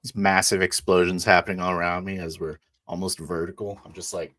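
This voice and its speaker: A man playing a tabletop game in character, describing his actions in a halting first-person style. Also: sits low, little pitch movement, a bit bright, a little hiss or hum. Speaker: player. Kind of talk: in-character tabletop role-play.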